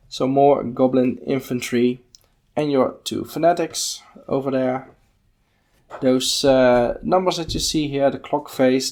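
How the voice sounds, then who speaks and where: Male podcast host, slow and gravelly, thinking aloud through a book. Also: mid-range voice, darkish tone. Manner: unhurried, musing, thinking aloud with fillers. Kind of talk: casual page-by-page book walkthrough.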